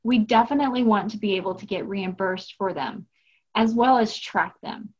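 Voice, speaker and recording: A woman co-hosting a podcast, explaining billing rules in a measured, instructive, upbeat way. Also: mid-range voice, darkish tone, husky, muffled recording. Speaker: podcast co-host, billing expert. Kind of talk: scripted explanatory podcast talk.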